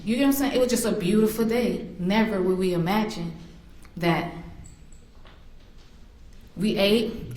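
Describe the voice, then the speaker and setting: A woman's voice: medium pitch, darkish tone, a little hiss or hum. A woman, the victim's mother, giving an emotional victim impact statement in a courtroom, telling memories and acting out remembered voices. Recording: echoey courtroom.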